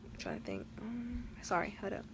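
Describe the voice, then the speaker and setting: A woman's voice: mid-range voice, big pitch swings, normal speed, background noise. A teenage girl telling a storytime vlog in a chatty, dramatic way, full of slang and fillers. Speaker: vlogger.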